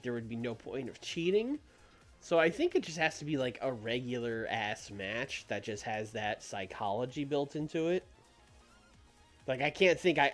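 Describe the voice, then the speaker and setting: Man thinking aloud on a game stream. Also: mid-range voice. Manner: musing, swings from soft to loud. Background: faint music.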